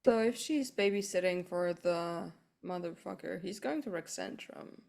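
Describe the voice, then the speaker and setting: A woman's voice: fairly low pitch, normal speed, vocal fry, a little mellow. A woman playing a tabletop role-playing game, blunt and practical in her talk. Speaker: player. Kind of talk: in-character tabletop play.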